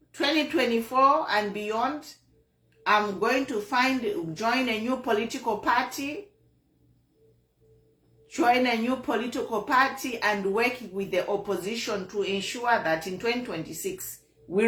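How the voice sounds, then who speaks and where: A woman with a Zambian accent delivers a slow, unhurried political monologue as host of an online show. She talks earnestly and repeats herself, with a disappointed tone. Her voice carries a noticeable room echo. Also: on the high side, fairly bright tone.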